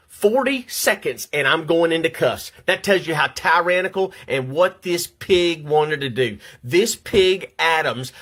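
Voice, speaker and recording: A man's voice: a little high, a bit bright. An older man at home, shaky and upset, ranting angrily to his viewers and stumbling over repeated words. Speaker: vlogger. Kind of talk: angry personal rant to camera.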